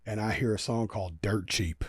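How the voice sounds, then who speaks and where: A man, an animated storyteller who swears freely and acts out quotes in a casual interview. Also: lowish voice, normal speed, no room sound, clean studio sound. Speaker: guest musician.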